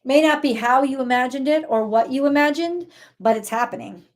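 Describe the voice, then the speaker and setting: A woman giving a casual live tarot reading, excitable, talking to God and her viewers and swearing now and then. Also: high-pitched, fairly quick. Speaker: tarot reader.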